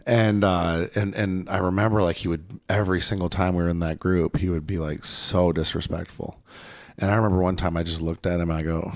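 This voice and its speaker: A middle-aged man hosting a podcast, telling candid stories in a profane, animated way. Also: low-pitched, brisk. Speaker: podcast host. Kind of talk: casual conversation, storytelling.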